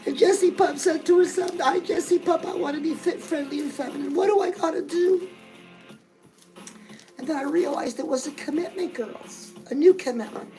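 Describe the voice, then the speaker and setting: A woman's voice: high voice, moderate pace, dark tone, soft background music, rough recording. A middle-aged woman hosting a comedic fitness and lifestyle show, gushing and chatty, forever calling the viewer girl. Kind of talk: comedic character monologue.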